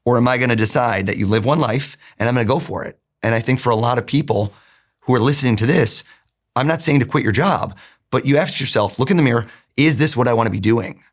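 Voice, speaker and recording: A man being interviewed as a guest, telling a personal story in an animated, earnest way. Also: mid-range voice, fast.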